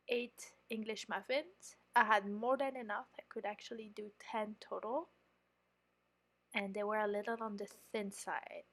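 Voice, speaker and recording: A woman's voice: on the high side, a bit bright. A woman with a French accent, chatting through a voice-over of her home baking and explaining her mistakes as she goes. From France. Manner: chatty, explanatory, self-critical. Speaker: home baker and channel host.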